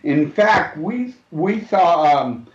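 A man's voice: high voice, sing-song, takes it slowly. A man hosting a casual radio chat, easygoing and agreeable. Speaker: host. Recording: roomy, dull lo-fi sound.

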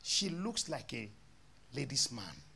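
A man's voice: mid-range voice, very animated, slow pace, gravelly, sharp tone, a little hiss or hum. A male pastor, telling a story in a sermon and acting out both sides of the dialogue.

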